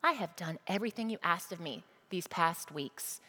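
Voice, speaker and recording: A woman's voice: on the low side, lively intonation, moderate pace, bright, forceful tone. A woman preacher voicing a resentful teenage older brother who indignantly lists his grievances, heard in a hall with a long reverb.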